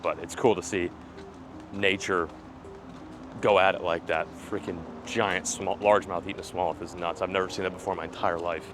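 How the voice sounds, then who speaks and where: Young male fishing vlogger, low voice, excitable and chatty, outdoor riverbank, faint music behind. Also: fairly quick. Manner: excitable, bursts into loud yelling when fish appear. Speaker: fishing video host. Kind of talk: casual on-camera fishing vlog. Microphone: camera mic, filmed by a camera operator.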